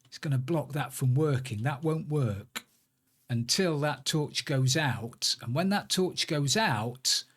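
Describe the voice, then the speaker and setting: A man's voice: mid-range voice, animated, takes it slowly, a bit bright. A man streaming a building game, muttering to himself as he works and chatting in asides. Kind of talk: casual live-stream chat while playing.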